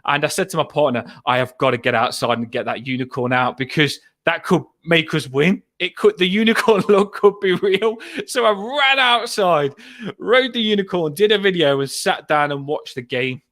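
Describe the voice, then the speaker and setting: Excitable male fan-show host, a touch high, rambling and breathless with adrenaline. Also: moderate pace. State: shaky with adrenaline. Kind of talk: excited fan match reaction.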